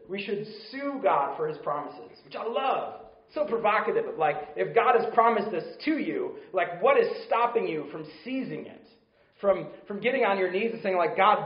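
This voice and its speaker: A man's voice: fairly high pitch, roomy sound, muffled recording. A man preaching a sermon in an earnest, conversational way, often asking his listeners questions.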